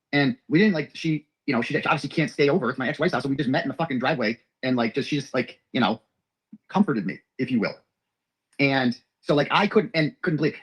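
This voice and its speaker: Fast-talking husky man. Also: mid-range voice, rough recording. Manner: profane, rambling, emotional retelling. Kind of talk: rapid personal storytelling.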